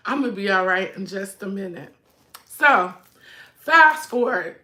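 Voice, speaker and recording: Bright-voiced middle-aged woman fighting tears. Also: mid-range voice, animated, measured pace. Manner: fighting back tears, chatty and direct with viewers. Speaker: livestream host and mother. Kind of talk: emotional casual livestream chat.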